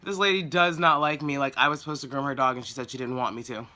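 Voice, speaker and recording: A woman's voice: extremely low pitch, fairly even intonation, fast, bright, forceful tone. A woman who works as a dog groomer tells a story in a casual vlog, blunt and exasperated as she vents.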